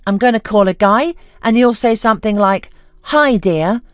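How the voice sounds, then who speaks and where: A woman's voice: medium pitch, clear, resonant tone, dry recording, studio quality, soft background music, pitched above the performer's own voice, close to an everyday voice. A woman voicing a whiny, scheming young homeless woman who talks in a hurry. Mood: hurried. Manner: whiny, hurried.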